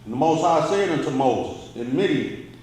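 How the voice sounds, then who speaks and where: A man reading a scripture passage aloud in a plain, even way. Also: fairly high pitch, moderate pace. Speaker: scripture reader. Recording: very echoey room.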